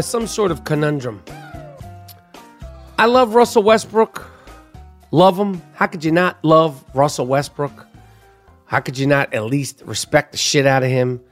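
A man hosting a sports talk show, ranting profanely and speaking straight to the players he criticizes. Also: on the high side. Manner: profane, emphatic, addresses players directly. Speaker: sports podcast host. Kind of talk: opinionated sports rant.

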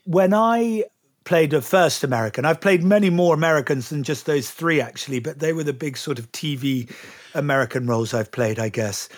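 Middle-aged Englishman telling lively anecdotes. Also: a little high, a little fast. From England. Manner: lively anecdotal storyteller, occasionally swears. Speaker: guest actor. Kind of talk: casual interview chat.

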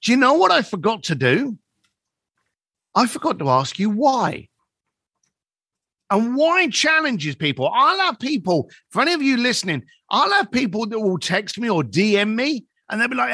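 Man in his 50s telling coaching stories, high bright voice, really lively, dry close mic. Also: normal speed, husky, no room sound. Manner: animated, acts out quoted dialogue. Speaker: guest, business coach. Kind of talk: conversational storytelling.

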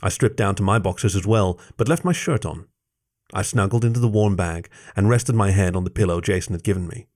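A man with a fairly low voice reads a first-person story aloud. His delivery is measured and soft-spoken. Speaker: story reader.

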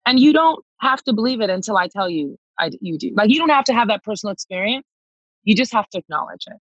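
Emphatic husky woman telling a story. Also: medium pitch, animated, fast, fairly bright tone, no echo, dull audio. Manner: emphatic, reenacts dialogue, calls listener girl. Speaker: touring singer. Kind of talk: animated personal storytelling.

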